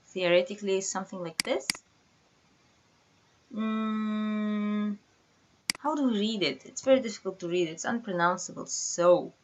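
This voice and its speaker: A woman's voice: medium pitch, fairly bright tone, dull audio, a little hiss or hum. A woman teaching a beginners' language lesson, explaining step by step and quizzing her students with questions. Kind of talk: casual online lesson.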